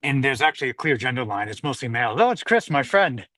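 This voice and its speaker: A man's voice: mid-range voice, very animated, quick pace, sharp tone, no echo. A man hosting a casual livestream while walking his dog outdoors. He rambles, reads viewer comments aloud and is slightly out of breath. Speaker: livestream host. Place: outdoors on a hillside street.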